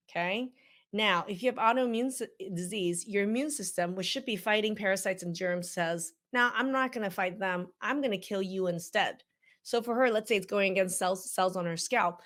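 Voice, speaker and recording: This is a woman in her fifties, a doctor, doing reaction commentary. She talks to the viewer with emphasis and animated conviction. Her voice sits at a middle pitch. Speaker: functional medicine physician.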